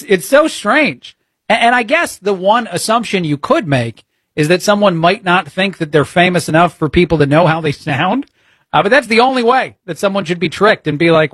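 A man's voice: sits high, expressive, a little fast, fairly bright tone, breathy edge, no echo, studio quality. A man filling in as a talk show host, giving blunt opinionated commentary peppered with "uh" fillers. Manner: frequent "uh" fillers, exasperated and blunt.

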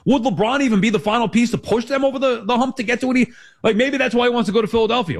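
A man's voice: extremely high pitch, rapid-fire. A man in his forties hosting a sports talk show, rambling and emphatic as he corrects himself. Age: 40s.

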